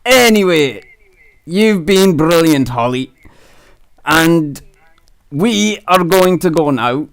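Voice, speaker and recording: A cheeky male puppet bird with a Scottish accent and a rude, teasing manner, voiced by a man. His voice sits high and swoops around, and he talks in an unhurried drawl. The sound is clean and dry. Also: lively intonation, clear, resonant tone, dry recording. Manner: crude, teasing, sings silly songs. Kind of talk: puppet comedy on video chat.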